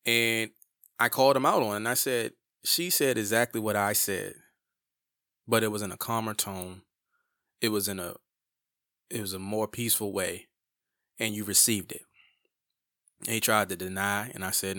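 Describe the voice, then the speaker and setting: A community advocate, a man, talks through his experiences in an emphatic, heartfelt way, breaking off and restarting as he pushes his point. His lowish voice is resonant and forceful, with a bright edge. The sound is dry, with no room echo. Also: steady tone, normal speed, pauses often. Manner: passionate and emphatic, self-interrupting restarts. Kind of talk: personal storytelling.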